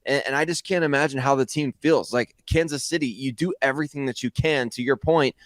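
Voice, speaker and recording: A man's voice: mid-range voice, a little fast, dry recording. A man with a mid-range voice co-hosts a sports podcast. He talks in an easy, opinionated, conversational way. The recording is close and dry. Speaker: podcast co-host.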